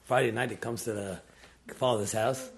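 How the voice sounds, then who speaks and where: A man's voice: normal speed, gravelly. A man telling a story in a Torah class, acting out the characters big swings in voice. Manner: animated storyteller, acts out quotes with big pitch jumps. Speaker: rabbi.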